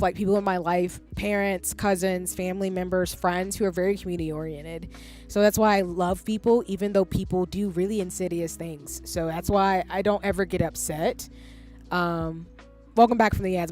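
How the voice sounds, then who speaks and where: A woman in her thirties chatting casually on a livestream, rambling and candid and swearing freely. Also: medium pitch. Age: 30s. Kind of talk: casual stream chat.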